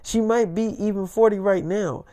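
A woman's voice: medium pitch, moderate pace, mellow, pitched above the performer's own voice, natural voice. A man voicing a blunt teenage girl on the phone who scolds him with crude swearing. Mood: accusing.

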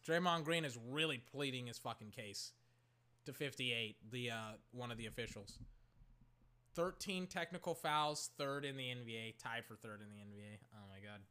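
A man from Oakland, California, casually calling a basketball game he is watching, rambling with lots of "like" and breaking into excited shouts. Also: mid-range voice, normal speed, clear, resonant tone. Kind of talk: casual play-by-play while watching.

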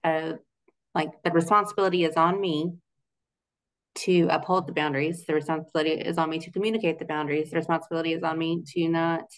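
A young adult woman, a Christian relationship coach appearing as a guest, speaks fast in a deep, level voice during a casual interview. Her talk is loose and chatty, full of "like" fillers and frequent laughter.

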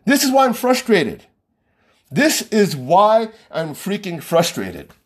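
Husky, high-voiced exasperated man. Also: wildly swooping pitch, takes it slowly. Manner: exasperated, argumentative, repeats himself. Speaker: podcast host. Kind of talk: ranting monologue.

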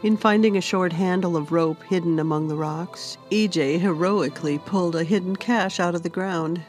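A woman author narrating her own fantasy storybook in a gentle, unhurried reading. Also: fairly low pitch, faint music behind.

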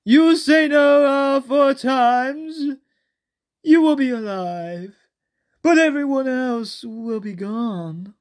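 A podcaster putting on a silly, cheerful voice that is hard to take seriously, drawing out the words in a high sing-song. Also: exaggerated voice. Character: silly cheerful doorstep announcer, not taken seriously.

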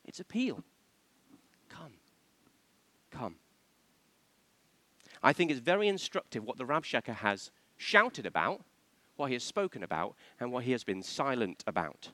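A man's voice: mid-range voice, big pitch swings, normal speed, bright, forceful tone, no room sound. A man preaching a sermon, asking the congregation questions and acting out the voices he quotes.

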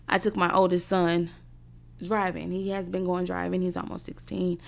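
Gravelly-voiced woman ranting bluntly. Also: fairly low pitch, fairly even intonation, normal speed. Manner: blunt and profane, repeating phrases for emphasis. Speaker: host of a talk show. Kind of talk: unscripted monologue.

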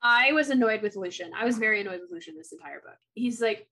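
A woman co-hosting a book podcast. Her high voice swoops all over as she gets emphatic and indignant. Her tone is bright and sharp. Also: big pitch swings, a little fast, poor audio. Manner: indignant, emphatic, mocks characters in quoted voices. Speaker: podcast co-host. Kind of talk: casual book-discussion chat.

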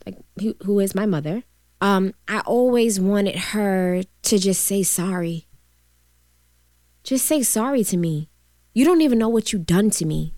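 A woman in a candid chat who presses others with pointed questions and grows softer and quieter when she tells a personal story. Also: mid-range voice, no room sound, studio quality. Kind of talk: emotional casual chat.

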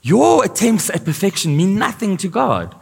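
A man's voice: high-pitched, sing-song, normal speed, creaky, breathy edge. A male pastor preaching a sermon, asking his congregation questions as he goes. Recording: live church sound with long reverb.

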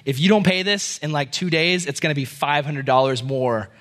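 A man voicing his middle-aged father, who calmly relays bad news in a steady, matter-of-fact way. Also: fairly high pitch, moderate pace, voice pushed down, natural voice. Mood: serious.

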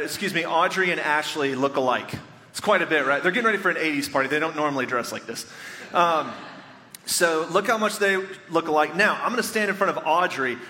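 A man's voice: fairly high pitch, pushed and bright. A man in his thirties, a pastor giving a conversational, storytelling sermon, chatting and joking directly with his congregation. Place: church sanctuary before a congregation. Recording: long reverb of a large church hall.

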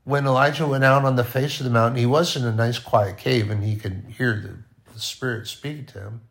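A man preaching in a loose, conversational way, his mid-pitched voice rough with gravel. He often sinks almost to a hush to make a point. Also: steady tone, a little fast. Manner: conversational, with sudden soft drops to near-quiet. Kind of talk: informal sermon.

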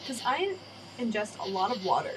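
A woman's voice: medium pitch, very animated, moderate pace. A young adult woman hosting a casual podcast chat, rambling along and swearing freely as she tells stories. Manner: rambling, swears freely, acts out quoted voices. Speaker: podcast host. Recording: faint background noise.

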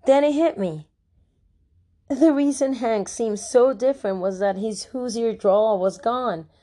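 A woman narrating an audiobook in the first person, with wry, lively storytelling. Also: fairly high pitch, measured pace.

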